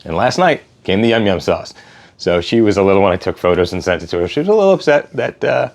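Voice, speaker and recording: A man's voice: lowish voice, sing-song, fast, creaky. A man giving a casual, rambling spoken review as a cruise travel vlogger, with many fillers and restarts.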